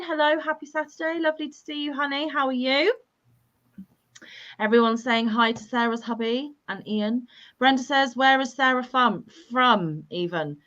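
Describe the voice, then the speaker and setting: A woman's voice: a little high, a bit bright, dull audio. Self-deprecating woman hosting a livestream. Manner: self-deprecating, laughs often. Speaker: livestream host. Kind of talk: casual livestream chat, reading viewer comments aloud.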